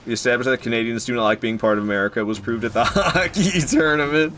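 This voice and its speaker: A man's voice: mid-range voice, fast talker, a bit bright, slight background noise. A man giving casual, joking commentary while streaming a video game, chatting with viewers and running himself down when he fails. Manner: chatty, joking, self-deprecating. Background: game music.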